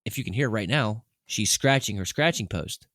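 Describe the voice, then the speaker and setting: Co-hosting a podcast, a man tells casual stories and plays out chats with his cat in an animated way at normal speed. His voice leans low and a bit bright, recorded clean in the studio without room sound.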